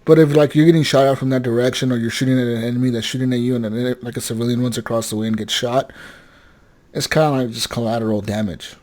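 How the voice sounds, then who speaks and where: A young man co-hosting a gaming podcast, telling a story with animated energy, swearing and acting out the characters' lines. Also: mid-range voice, fast. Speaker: podcast co-host. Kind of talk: casual gaming chat.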